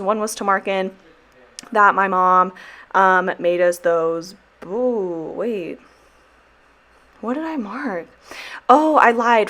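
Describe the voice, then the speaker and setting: A woman's voice: mid-range voice, a bit bright. Chatty young woman rambling while planning. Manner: chatty and rambling, swears freely, apologizes jokingly. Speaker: planner vlogger and teacher. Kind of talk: casual chat while sticker planning.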